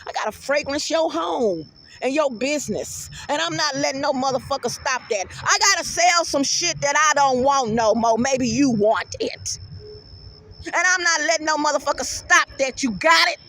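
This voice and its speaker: Brash woman vlogger, AAVE, high-pitched, profane, animated rant delivery. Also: moderate pace. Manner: brash, profane, animated, swings into loud outbursts. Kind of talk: casual rant to camera.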